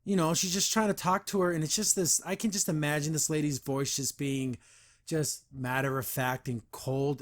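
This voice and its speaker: A man hosting a podcast, reviewing a comic in casual chat, earnest and rambling, with frequent restarts and heated asides. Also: a little high. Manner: gets heated about the veterans system.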